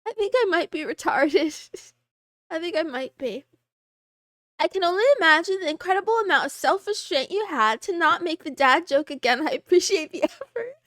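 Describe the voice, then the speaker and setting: A woman live streamer chatting casually and greeting her chat, giggly and excitable. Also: very high-pitched, no echo, clean studio sound.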